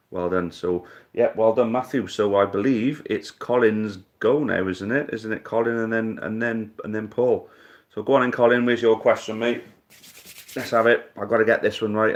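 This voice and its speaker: Casual male quiz host, deep voice, mutters and swears as he thinks, chummy with players. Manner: thinks aloud, swears casually, calls people mate. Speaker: live-stream quiz host. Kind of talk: casual live-stream chat.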